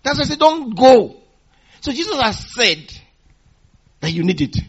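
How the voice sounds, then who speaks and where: A man preaching a sermon in a call-and-response manner, repeating phrases for emphasis and swinging between loud exhortation and quiet teaching. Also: very high voice, sing-song, measured pace, slightly rough, lo-fi sound.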